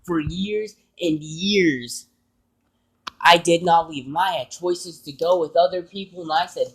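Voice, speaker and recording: A man's voice: fairly high pitch, a little slow, slightly rough, rough recording. A man vlogging, telling an emotional personal story in an earnest, rambling way.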